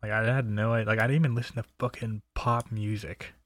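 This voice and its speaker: A man's voice: lowish voice, steady tone, a little fast, no room sound, studio quality. A young man from New Jersey telling personal stories in a loose, profane, chatty way. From New Jersey, USA. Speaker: storyteller. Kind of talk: casual personal storytelling.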